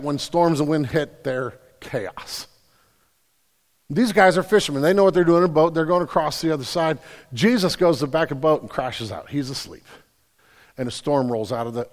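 Pastor, male, young adult, animated storyteller with a fairly high voice, reverberant sanctuary. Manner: animated storytelling, swings from loud to hushed. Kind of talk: sermon.

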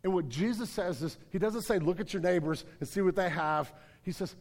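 High-voiced man preaching in a reverberant hall. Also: fairly quick, hardly any pauses, a little mellow. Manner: earnest, repeats words, rises to emphatic then drops low. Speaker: pastor. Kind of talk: sermon. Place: large room with congregation.

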